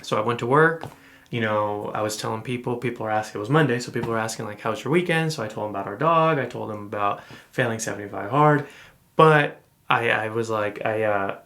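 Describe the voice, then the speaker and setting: A man co-hosting a podcast, telling a personal story in a relaxed, rambling way with many fillers and restarts. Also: on the low side, fairly quick. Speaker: podcast co-host. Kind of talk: casual storytelling chat.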